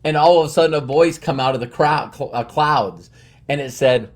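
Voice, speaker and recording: A man's voice: fairly high pitch, moderate pace. Earnest middle-aged man, rambling talk. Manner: earnest, rambling, with frequent restarts. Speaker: motivational speaker. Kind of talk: personal motivational monologue.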